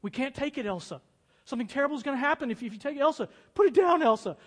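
A man's voice: very high-pitched, expressive, rapid-fire, voice pushed up. A man voicing an adventurer hero who speaks in urgent, commanding pleas. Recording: long hall reverb.

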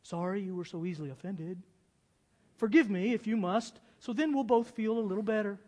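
A man's voice: high-pitched, fairly quick, darkish tone. A man voicing a smug, insincere person who grudgingly mutters a half-hearted prayer. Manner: dismissive, grudging. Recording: long hall reverb.

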